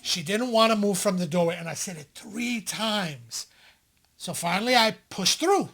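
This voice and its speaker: A high-pitched man speaks unhurriedly with frequent pauses. He's co-hosting a casual podcast, telling stories with lots of animation and loudly acting out the people he quotes.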